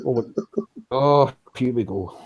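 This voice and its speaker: A man's voice: medium pitch, unhurried, a little mellow, muffled recording. A man bantering and swearing in a casual group video chat, often stumbling and restarting his sentences. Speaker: chat participant.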